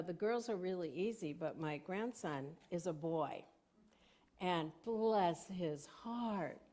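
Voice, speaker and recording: A woman's voice: on the low side, warm tone. An older woman minister giving a conversational sermon in a church sanctuary, telling stories and laughing often.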